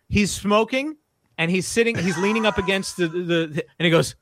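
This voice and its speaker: A middle-aged man telling a story in casual podcast chat, animated and full of restarts. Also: sits high, moderate pace, no echo. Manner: animated, breathless, lots of restarts and self-quotes. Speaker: guest storyteller.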